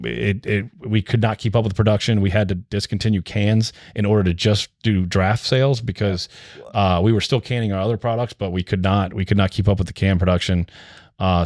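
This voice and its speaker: Brewery co-founder man, low voice, loose storyteller full of fillers and restarts. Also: no room sound, clean studio sound. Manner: rambling, filler-heavy, restarts a lot. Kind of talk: casual podcast storytelling.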